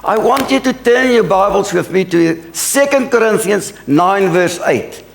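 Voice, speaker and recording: A man's voice: high-pitched, animated, a little slow, vocal fry, echoey room. A middle-aged man, a pastor, preaching a sermon in an earnest, emphatic way. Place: church sanctuary.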